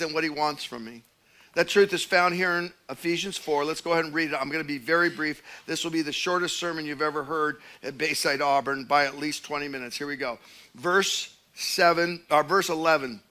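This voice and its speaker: A man in his fifties preaching a sermon, telling stories in an animated way and then reading scripture. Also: fairly high pitch, a little fast. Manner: animated storytelling with acted quotes. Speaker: pastor.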